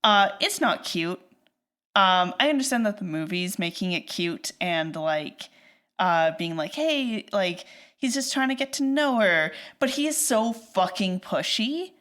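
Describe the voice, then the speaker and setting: Animated woman ranting on a podcast. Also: medium pitch, a little slow. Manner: animated ranting, heavy use of "like", acts out quoted lines. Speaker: podcast co-host. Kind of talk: casual film discussion.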